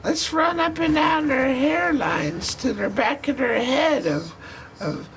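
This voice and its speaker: A man voicing a sneering spirit that creeps through sleepers' dreams, in a high, sing-song taunting tone. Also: slow, vocal fry, fairly bright tone, a little hiss or hum, exaggerated voice.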